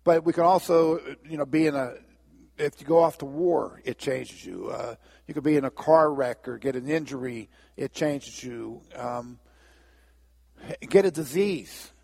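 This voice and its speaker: A man preaching a sermon as pastor, telling a story and acting out the characters' lines in lively voices. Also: medium pitch, measured pace, creaky, in a large hall. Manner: storytelling, acts out biblical dialogue with lively voices.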